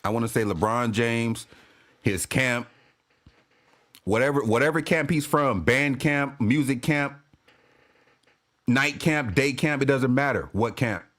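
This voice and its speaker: A man's voice: mid-range voice, a little slow, pauses often, fairly bright tone. A man giving a casual, profane sports-fan rant to camera, laughing and repeating himself as he goes.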